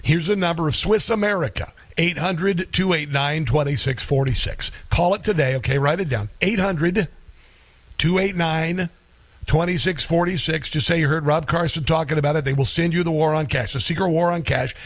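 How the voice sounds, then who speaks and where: A man's voice: on the high side, moderate pace. A man hosting a talk radio show, reading an ad and interviewing a guest in a folksy, joking, emphatic way.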